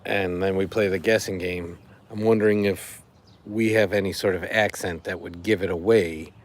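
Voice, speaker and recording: A man's voice: sits low, moderate pace, a little hiss or hum. A middle-aged man from the Chicago area hosting a live stream, chatting casually and rambling a bit with his viewers. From Chicago area, USA. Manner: relaxed, chatty, rambling with fillers. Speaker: livestream host.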